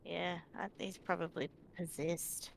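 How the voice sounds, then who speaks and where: A woman's voice: fairly low pitch, little pitch movement, a little slow, creaky. A woman playing a tabletop game, asking tentative questions about the scene. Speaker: player. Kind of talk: casual tabletop game chat.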